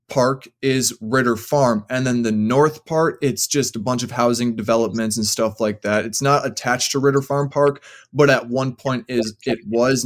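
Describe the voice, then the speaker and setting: A young man tells a long story as a podcast guest. He rambles along, packing his sentences with fillers, in a voice of ordinary middle pitch for a man. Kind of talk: casual storytelling.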